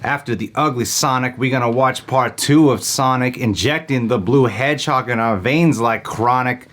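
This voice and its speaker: A man's voice: mid-range voice, moderate pace, fairly bright tone. A man hosting a movie reaction show, bantering playfully and rhyming in his intro. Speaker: reaction channel host. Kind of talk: casual reaction chat.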